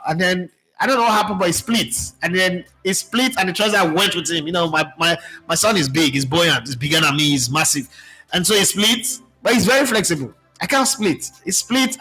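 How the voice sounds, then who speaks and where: A middle-aged Nigerian man hosting a talk show, telling stories in a lively, animated way and slipping into pidgin. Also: high-pitched, poor audio. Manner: animated, switches into pidgin, many restarts. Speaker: host. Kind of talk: casual storytelling monologue.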